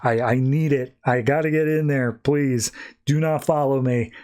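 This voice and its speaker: A man's voice: mid-range voice, fairly even intonation, a little slow, a little mellow, close to an everyday voice. A man doing a weakened, guilt-ridden male superhero. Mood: earnest.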